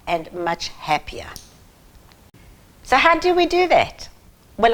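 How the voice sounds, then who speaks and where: A woman talks to parents in an earnest, emphatic way. She speaks slowly and deliberately, and her voice sits a little low. Her tone is that of a parenting advisor giving advice straight to camera. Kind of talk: direct-to-camera advice talk.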